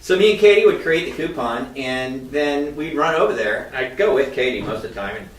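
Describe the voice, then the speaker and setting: A man's voice: animated, fairly quick, a little hiss or hum. A man in casual podcast storytelling, a mortgage loan officer who acts out the voices he quotes. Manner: chatty, acts out quoted voices with shifting pitch. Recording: roomy, slightly distant mic.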